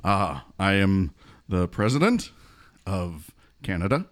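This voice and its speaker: A man playing a bumbling figure who insists he is Canada's leader, speaking slowly and self-importantly in an improv comedy sketch. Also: low-pitched, sing-song, full character voice. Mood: pompous.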